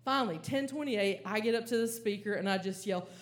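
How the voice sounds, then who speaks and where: A woman stand-up comedian, telling a story on a comedy club stage with lively, frantic acted-out panic. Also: mid-range voice, brisk, background noise. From American South. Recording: audible live crowd ambience.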